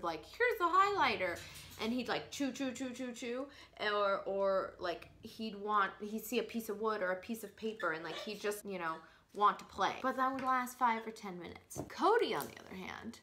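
A woman tells a rambling story for her parrot channel in a bright, clear voice, packing her talk with fillers. Her delivery is loose and chatty, with a faint hiss of noise behind her. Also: medium pitch. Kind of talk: casual storytelling vlog.

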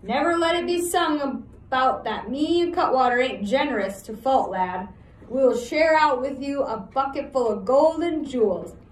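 A woman reading aloud voicing a huge, rough male outlaw who blusters and threatens. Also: high-pitched, animated, moderate pace, roomy sound, pitched above the performer's own voice. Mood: gruff.

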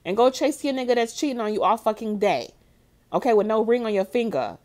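A woman's voice: a little high, lively intonation, brisk, darkish tone. A woman from Florida giving a blunt, profane, heated reaction rant in casual talk. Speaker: commentary vlogger.

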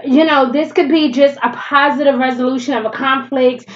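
Woman, fairly high voice, casual blunt tarot reader, stuffy nose, slightly dull recording. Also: fairly even intonation, moderate pace. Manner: chatty, blunt, swears freely, laughs often. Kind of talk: casual tarot reading to camera.

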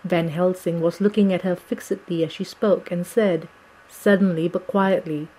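A woman's voice: on the low side, rough recording. Woman narrating an audiobook steadily. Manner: measured, steady storytelling. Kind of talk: scripted narration of a classic novel.

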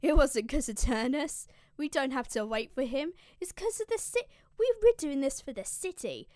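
A woman's voice: high voice, animated, moderate pace, darkish tone, no room sound, voice pushed up. Brash male commander voiced by a woman, slangy, pumped up, dry close sound. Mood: rallying. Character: brash young male army leader rallying his men.

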